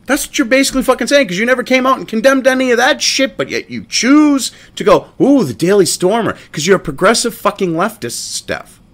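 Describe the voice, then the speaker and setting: A man's voice: extremely high pitch, very animated, fairly quick, a bit bright. A man hosting a commentary show, ranting profanely and mocking a statement as he reads it aloud.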